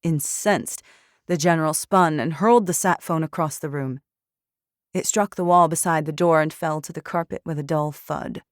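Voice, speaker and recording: A woman narrating an audiobook in a measured, steady storytelling manner. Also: low-pitched, no echo. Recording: dry studio recording.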